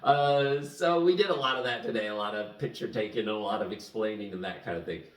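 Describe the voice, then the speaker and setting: A man telling a story to the camera in a casual, animated way, chuckling as he goes. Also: lowish voice, quick pace. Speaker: vlogger. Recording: echoey room, mic at a distance.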